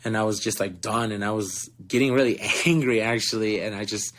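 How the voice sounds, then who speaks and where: A man's voice: lowish voice, brisk, fairly bright tone. A young man in his twenties, a touring actor, telling earnest stories in a casual interview, with many fillers and frequent laughs.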